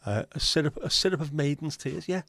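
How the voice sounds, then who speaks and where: A man's voice: a little high, animated, brisk, creaky, a bit bright, dry recording. A man, hosting a casual livestream chat with sweary, sardonic rants. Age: 50s. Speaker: livestream host.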